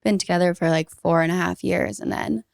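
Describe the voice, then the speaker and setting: A woman's voice: fairly low pitch, fairly even intonation, fairly quick, creaky, a little mellow, no echo, clean studio sound. A young adult woman with a Minnesota accent, chatting as a podcast guest, laughing often and filling with "like". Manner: laughs often, many "like" fillers. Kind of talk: casual interview chat.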